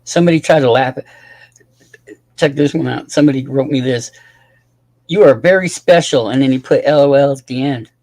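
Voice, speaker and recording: A man's voice: mid-range voice, a little fast, long pauses, a little mellow. A tired man rambling casually to his livestream chat, swearing often and talking to viewers by name.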